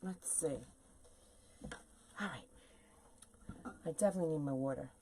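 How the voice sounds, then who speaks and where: A middle-aged woman with a fairly low voice chats to her viewers as she makes a wreath bow on a live stream. She is animated and casual, talking to them the whole time she works. A faint hiss of noise sits under the recording. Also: unhurried. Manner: chatty, animated, talks to viewers while working. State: sore legs from standing. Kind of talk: casual chat while crafting on a live video.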